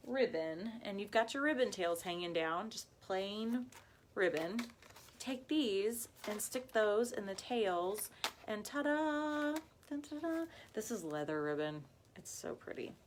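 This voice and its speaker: A woman's voice: a little high, slight background noise. A woman hosting a casual live craft demonstration, chatty and gushing, calling her viewers y'all. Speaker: craft shop owner hosting a live video.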